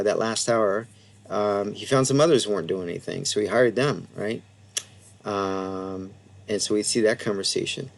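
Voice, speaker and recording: Low gravelly guy walking thru a bible passage, lots of ums, chatty asides. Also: darkish tone. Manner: conversational, many fillers and asides, reads Greek haltingly. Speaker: Bible teacher. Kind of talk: casual teaching presentation.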